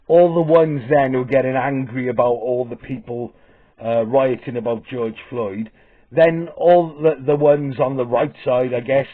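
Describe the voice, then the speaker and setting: A man ranting to camera in a vlog, swearing heavily and stumbling over restarts with repeated "okay?". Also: a little high. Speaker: vlogger. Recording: tinny phone-like audio.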